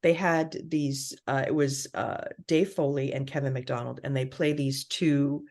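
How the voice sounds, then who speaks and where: A middle-aged woman co-hosting a podcast in casual chat, candid and animated, swearing freely. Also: rumbling low, a little slow. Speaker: podcast co-host.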